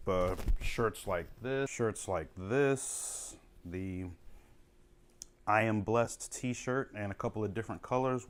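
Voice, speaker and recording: A man giving a relaxed, chatty cooking demonstration with step-by-step tips for his vlog. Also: fairly low pitch, slight background noise. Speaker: cooking vlogger. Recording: home video with music behind.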